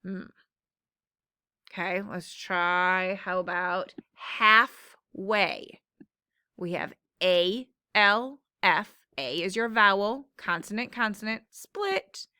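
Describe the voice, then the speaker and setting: Slow, patient woman teaching phonics. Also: medium pitch, pushed and bright, clear, resonant tone, dry recording, clean studio sound. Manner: slow, patient explaining with drawn-out words. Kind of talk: classroom phonics lesson.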